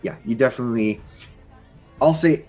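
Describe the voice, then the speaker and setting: A man's voice: medium pitch, normal speed, mellow, faint music behind. A man narrating a tabletop game as game master in a casual, laughing way. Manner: casual, laughing, gestures as he describes.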